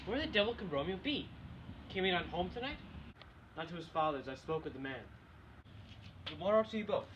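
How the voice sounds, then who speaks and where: A young man, a student actor, reciting Shakespearean street-quarrel scenes in a quick exchange. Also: high voice, expressive. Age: young adult. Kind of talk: amateur Shakespeare scene acting. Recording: dull lo-fi recording with loud noise.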